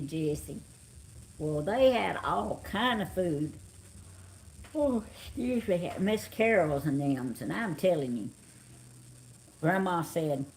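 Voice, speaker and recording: A middle-aged woman with a Southern drawl talks in a slow, unhurried way, her voice a little low for a woman. She sounds tired but folksy as she greets her livestream viewers by name. A faint hum of room ambience sits behind her. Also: a little mellow. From Georgia, US. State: tired, yawning. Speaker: live stream host. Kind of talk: casual live chat with viewers. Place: home, on the couch.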